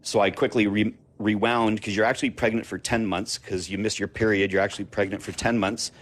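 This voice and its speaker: A man from Canada with a Canadian accent, a guest who tells stories in a laughing, animated way during casual chat. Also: on the low side, fairly quick. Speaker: podcast guest.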